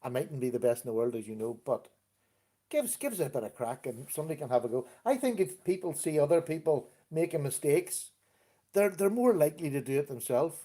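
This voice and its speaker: A man's voice: a little high, very animated, a little fast, dark tone. A middle-aged man hosting a casual live stream, chatting easily and greeting viewers by name. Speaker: livestream host.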